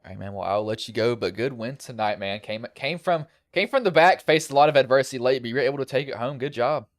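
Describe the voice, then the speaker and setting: A man's voice: mid-range voice, fast, no room sound, clean studio sound. A male sim racing broadcaster with a slight country lilt, giving a casual, rambling post-race recap over a headset.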